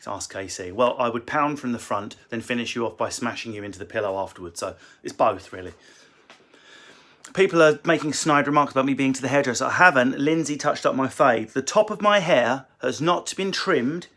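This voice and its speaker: A man's voice: medium pitch, animated, a bit bright. Cheeky man doing a casual live Q&A. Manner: cheeky, crude, quick banter. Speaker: comedian answering viewer questions. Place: home library room.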